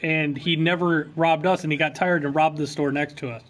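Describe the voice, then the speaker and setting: Relaxed store owner chatting on stream. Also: male voice, fairly high pitch, normal speed. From Ohio, USA. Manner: relaxed, offhand, answers chat questions. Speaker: game store owner and livestream host. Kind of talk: casual livestream chat. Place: game store counter. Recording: noisy store recording.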